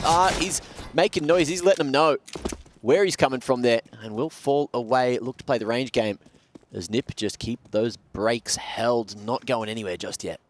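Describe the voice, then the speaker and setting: A man's voice: medium pitch, background noise. Laid-back male esports caster. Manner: relaxed, laughing analysis. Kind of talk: live esports commentary.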